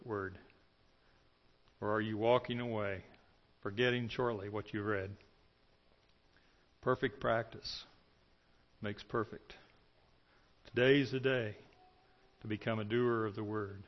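A male pastor delivering a sermon, moving between raised, ringing calls and near-hushed stretches. His voice sits at an everyday middle pitch. The recording is slightly muffled and lo-fi. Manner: preaching with swings from loud to hushed.

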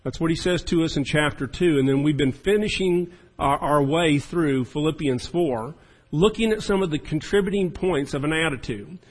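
A man's voice: a little high, moderate pace, slightly rough, poor audio. A man preaching a sermon as the pastor, in a folksy and chatty storytelling manner.

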